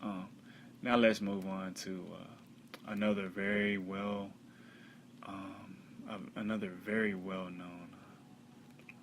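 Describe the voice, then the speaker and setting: A man teaching from the bible in a conversational way, with many fillers, reading scripture slowly and loudly. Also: deep voice, level tone, a little hiss or hum.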